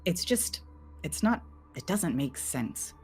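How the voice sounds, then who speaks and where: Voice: mid-range voice, big pitch swings, slow pace, faint music behind, voice pushed up. A player voicing a blunt female ship doctor who speaks in a curt, resigned way.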